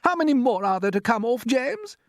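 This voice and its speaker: Shrill cackling rascal centipede. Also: male voice, very animated, brisk, no room sound, studio quality, exaggerated voice. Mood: bossy. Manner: shrill, loud and mocking, cackling. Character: cheeky rascally boastful male centipede.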